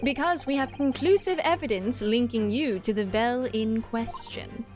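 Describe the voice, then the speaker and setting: A woman voicing a cold, haughty male prosecutor in a game, with a condescending, drawn-out delivery. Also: fairly high pitch, a little mellow, soft background music, close to an everyday voice. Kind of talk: voicing a game character on stream.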